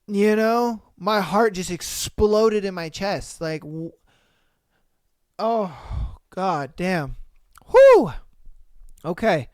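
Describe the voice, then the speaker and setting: Male podcast host, unhurried delivery, dry close sound; reads listener stories, reacts loud and slangy. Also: high voice, sing-song, smooth, dry recording. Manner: slangy, exclamatory, calls listeners bro; reads stories aloud then rants. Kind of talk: casual reaction commentary.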